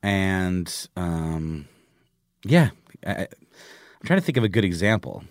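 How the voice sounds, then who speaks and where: A man's voice: deep voice, expressive, slow, no room sound, studio quality. A middle-aged man co-hosting a podcast in casual chat. He rambles animatedly, full of fillers and restarts. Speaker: podcast co-host.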